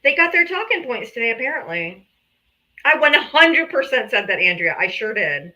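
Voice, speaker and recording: Brief: sharp, foul-mouthed woman debate host, bright tone, slightly high voice. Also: sing-song, moderate pace, low-quality recording. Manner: combative, profane, sarcastic. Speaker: live-stream debate host. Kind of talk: heated political debate on a live stream.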